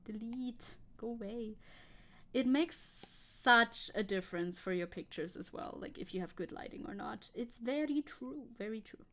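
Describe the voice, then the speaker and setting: A woman's voice: a little high, measured pace, fairly bright tone. A woman chatting casually and playfully while she paints on a live stream. She rambles and jokes at her own expense. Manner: playful, rambling, self-joking.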